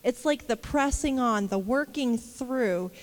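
Woman minister, high voice, candid filler-heavy devotional talk, long reverb. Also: measured pace. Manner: candid, rambling, with many fillers and laughs.

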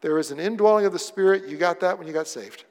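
A man preaching a sermon as pastor, moving from hushed pleading to loud, excited storytelling. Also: high voice, fast talker. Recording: long hall reverb.

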